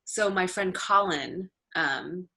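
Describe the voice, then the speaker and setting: A woman's voice: fairly low pitch, slow pace, bright, forceful tone. A woman stand-up comedian telling a story in casual chat, full of "like" fillers. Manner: chatty, many "like" fillers, acts out quotes.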